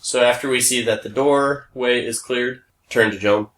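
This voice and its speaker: A man playing a tabletop game, planning aloud in a deliberate way. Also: mid-range voice, fairly even intonation, a bit bright, echoey room, a little hiss or hum. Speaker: player. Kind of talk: casual tabletop game chat.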